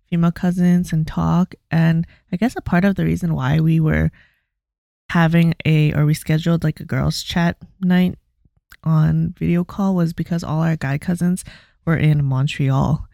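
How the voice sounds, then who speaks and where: A young woman co-hosting a podcast, chatting casually and telling stories in a relaxed way. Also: low voice, creaky, no echo, clean studio sound. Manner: relaxed storytelling, laughs easily. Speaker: podcast co-host. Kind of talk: casual chat.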